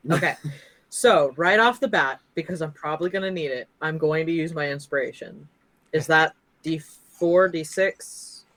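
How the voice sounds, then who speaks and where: A player in a tabletop game, chatty and quick to laugh. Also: medium pitch, fairly bright tone, no echo.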